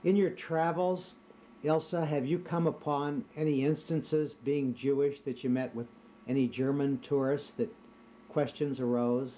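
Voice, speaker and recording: A man interviewing a woman for an oral history, asking his questions in a measured, formal way. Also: mid-range voice, fairly even intonation, warm tone, slight background noise, poor audio.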